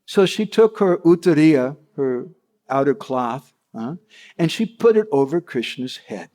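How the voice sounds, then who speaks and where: A man's voice: fairly high pitch, expressive, unhurried, warm tone. A man giving a devotional talk, telling stories animatedly and checking in with his listeners. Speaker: devotional storyteller.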